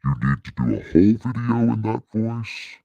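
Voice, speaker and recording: A man putting on a demonic deep voice through a voice changer, growling crude threats and jokes as a channel host. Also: sing-song, moderate pace, warm tone, dry recording, muffled recording. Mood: joking.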